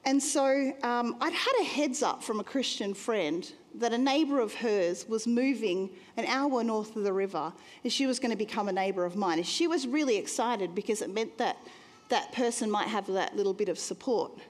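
A woman sharing a personal testimony in a sermon, talking earnestly and conversationally and slowing down for emphasis. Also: mid-range voice. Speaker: church speaker sharing a testimony. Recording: long hall reverb, faint music behind.

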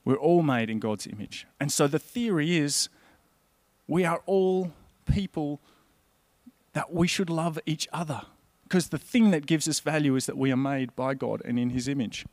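At a normal speed, a man with a slightly high, darkish-toned voice preaches earnestly in a conversational way. The audio is close and dry, lacking any room sound.

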